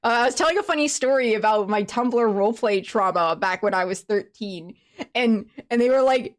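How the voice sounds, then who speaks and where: A woman's voice: on the high side, moderate pace. A young woman streamer chatting casually with viewers, rambling with many fillers and restarts, and laughing in a sniffly way that sounds close to tears.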